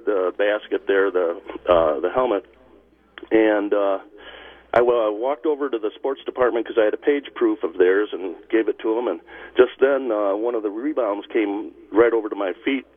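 A man's voice: fairly low pitch, normal speed. A man calling into a radio show, telling his story hesitantly over the phone. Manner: hesitant, many uh fillers and restarts. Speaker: caller. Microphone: telephone. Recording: phone line.

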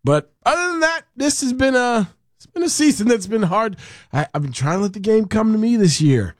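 A man with a fairly high voice co-hosts a sports talk show in casual, joking banter. He drifts into quick, rambling asides. The studio sound is dry and close, with no room around it. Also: expressive, dry recording. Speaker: sports radio co-host. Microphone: studio microphone.

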